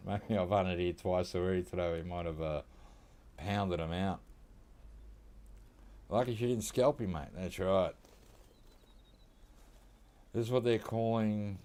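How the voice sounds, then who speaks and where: An Australian gaming streamer casually comments on his hunting game, joking with chat and talking to the animals on screen. His voice sits low with a darkish tone, and he speaks slowly with frequent pauses.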